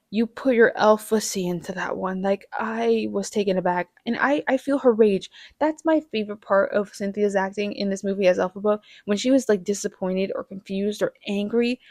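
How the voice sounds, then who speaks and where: Young female reviewer, playful and effusive, mid pitch, dry recording. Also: darkish tone, dry recording. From American Midwest. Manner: gushing, playful, chatty with little laughs. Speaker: movie reviewer. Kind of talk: casual movie review chat.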